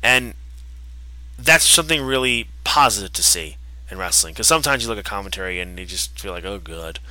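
A man's voice: on the low side, animated, fairly quick, pushed and bright, dry recording, poor audio. A man chatting casually on a podcast, rambling through eager recaps with fillers. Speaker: podcast co-host.

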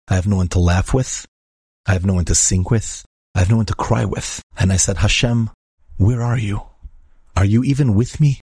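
A man's voice: deep voice, darkish tone, slightly rough, dry recording, studio quality. A man, a rabbi, telling a story in a conversational way, acting out the characters' lines and peppering his speech with Hebrew and Yiddish words. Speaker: rabbi and inspirational speaker. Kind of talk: storytelling talk.

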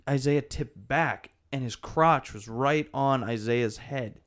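A man's voice: mid-range voice, takes it slowly, fairly bright tone. A man hosting a podcast, telling stories in casual chat and laughing often. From Ireland. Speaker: podcast host.

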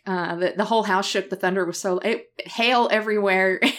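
A middle-aged woman co-hosting a podcast, telling a story in a casual, animated way with frequent laughter and acted-out quotes. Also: mid-range voice, a little fast. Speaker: podcast co-host.

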